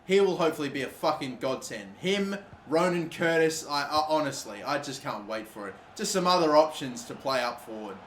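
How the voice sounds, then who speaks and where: A young man commentating his own football video game match, swearing and exasperated, shouting at his players' mistakes. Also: a little high, lively intonation, brisk, few pauses. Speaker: gaming YouTuber. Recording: echoey room with faint noise.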